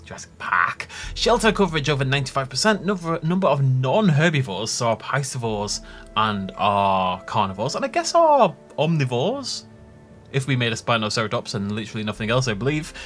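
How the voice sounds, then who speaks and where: Excited guy commentating a game playthrough, jokey, voice bouncing all over, light music. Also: mid-range voice, brisk. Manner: animated, jokey, enthusiastic. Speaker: gaming YouTuber. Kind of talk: gameplay commentary.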